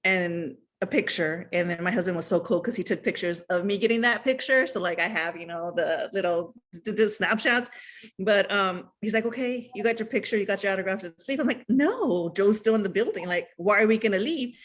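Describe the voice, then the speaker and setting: A woman telling a personal story in casual chat, animated, acting out what others said, with many fillers. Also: medium pitch, brisk. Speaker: guest.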